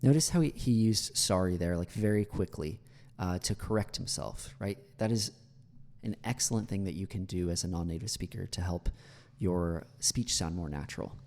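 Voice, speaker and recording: A man's voice: deep voice, moderate pace, a little mellow, big-room sound. An American man teaching English, critiquing a speech clip in a chatty way with many fillers. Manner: chatty, many fillers, repeats words for analysis.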